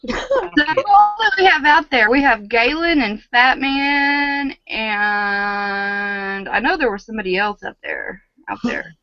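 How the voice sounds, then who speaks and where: A woman chiming in quickly with teasing comments on a casual group call. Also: on the high side, sing-song, no room sound, soft background music. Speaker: chat panelist. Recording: dull online call audio.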